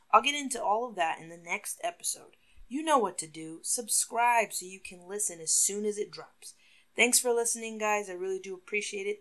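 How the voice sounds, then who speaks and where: A young woman talks through her solo podcast in an easy, chatty way, laughing often and now and then dropping her voice to a whisper. Her tone has a bright edge to it. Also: medium pitch. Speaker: podcast host. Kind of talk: casual solo podcast monologue.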